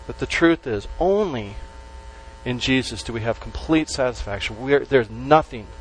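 A man preaching a sermon to a congregation, stressing key words slowly and letting his voice drop at the ends of phrases. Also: medium pitch, expressive, slight background noise, rough recording. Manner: emphatic, with slow stressed words and dropped endings. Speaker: pastor.

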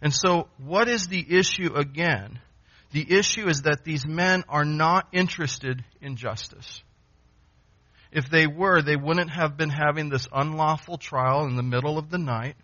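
A man delivers an expository sermon in a bright, forceful voice that sits a little high. He presses his points with repetition and rhetorical questions, and the recording sounds dull and lo-fi. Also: unhurried. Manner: emphatic, repeats phrases and asks rhetorical questions. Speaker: preacher.

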